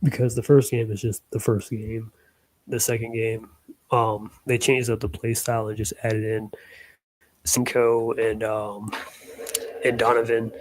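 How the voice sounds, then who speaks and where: In an unhurried, flat delivery with a fairly low pitch, this hobbyist animator talks offhandedly about his project, peppering it with fillers and chuckling asides. The audio quality is poor.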